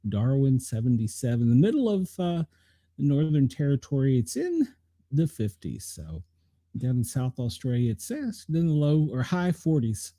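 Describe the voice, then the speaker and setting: A man's voice: mid-range voice, very animated, moderate pace, warm tone, no echo, clean studio sound. A middle-aged man, rambling casually through a weather rundown and talking to viewers by name. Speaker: show host reading the weather.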